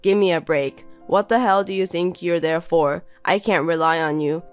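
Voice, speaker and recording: A woman's voice: fairly low pitch, fairly even intonation, moderate pace, soft background music, natural voice. A woman voicing a contemptuous young husband who belittles and bosses his wife in a text-message story. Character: scornful insulting young husband.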